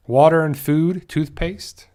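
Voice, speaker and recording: A man's voice: a little high, fairly even intonation, slow pace, darkish tone. A man hosting a casual fan livestream, reading out viewer comments, chatty and laughing often. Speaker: host of a fan discussion show.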